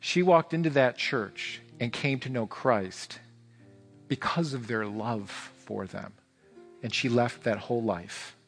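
A man preaching a sermon as pastor, emphatic and repetitive, swinging between fervent and hushed. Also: medium pitch, slow, gravelly, slightly rough, in a large hall, soft background music. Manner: repeats phrases for emphasis. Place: church sanctuary.

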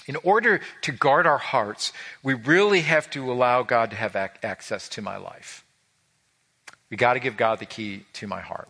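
Bright-voiced man preaching. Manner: animated storytelling, acts out quotes with rising pitch. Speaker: pastor. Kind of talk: sermon.

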